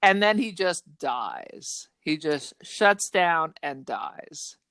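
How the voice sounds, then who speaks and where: A woman co-hosting a podcast, chatting casually and retelling a film's plot in an animated way. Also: low voice, drawn-out words, dry recording. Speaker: podcast co-host. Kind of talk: casual chat.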